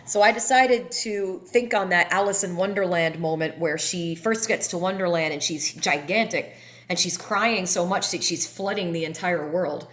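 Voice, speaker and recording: A woman's voice: lowish voice, normal speed, fairly bright tone. A woman artist casually walking through her paintings, chatty and candid as she explains each one. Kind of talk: casual walkthrough of artworks. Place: home painting space. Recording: echoey room with faint noise.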